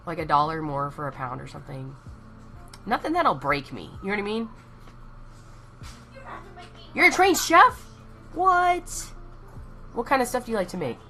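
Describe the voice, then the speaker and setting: A woman's voice: on the low side, very animated, moderate pace, pauses often, pushed and bright, faint music behind. A young Texan woman chatting casually and rambling on a live stream, laughing at herself as she goes. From Texas.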